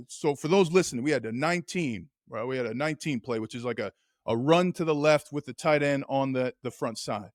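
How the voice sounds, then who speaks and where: A man co-hosting a sports podcast, a former football player telling game stories in animated, emphatic casual chat. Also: fairly high pitch, no room sound, clean studio sound.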